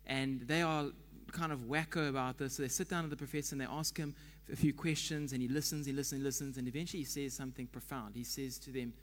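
A man's voice: medium pitch, fairly even intonation, fast, few pauses, long reverb tail. A man giving a conversational sermon as pastor, chatty and quizzing the congregation.

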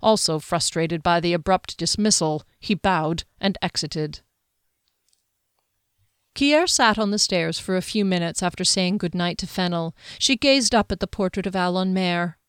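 A woman reads a fantasy novel aloud in a steady, even storytelling manner. Her voice is smooth and resonant, caught close on a studio mic. The sound is dry, with no room around it. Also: fairly low pitch, a little slow, no room sound. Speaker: audiobook narrator. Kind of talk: scripted fantasy narration.

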